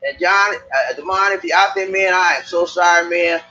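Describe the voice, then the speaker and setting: Live-streaming from around Cebu in the Philippines, this Charleston native with a Gullah Geechee accent talks chattily and directly to his viewers, often repeating himself. His voice sits high and bright, forceful at a normal speed, over dull audio with slight background noise.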